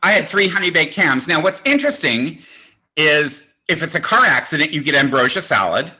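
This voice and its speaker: A man's voice: a little high, big pitch swings, normal speed, sharp tone, low-quality recording. A man in his sixties doing stand-up comedy, telling campy, self-mocking stories. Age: 60s.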